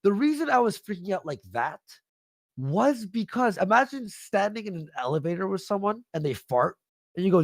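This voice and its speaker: Furious, gravelly man ranting. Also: high-pitched, very animated, moderate pace, no echo, clean studio sound. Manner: angry, profane, shouting insults. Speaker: livestream guest. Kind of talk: heated livestream rant.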